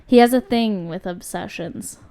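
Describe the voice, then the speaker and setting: A young woman co-hosting a podcast, chatting casually and then reading a story aloud at a steady pace. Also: mid-range voice, gravelly, smooth. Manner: chatty, laughs easily, reads with slow steady pacing. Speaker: podcast co-host.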